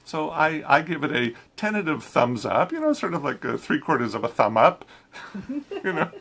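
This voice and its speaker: A man's voice: a little high, very animated, normal speed, creaky, a bit bright, slightly rough. A man reviewing a film in a casual chat, talking easily with frequent restarts and laughs. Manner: chatty, laughs often, many restarts.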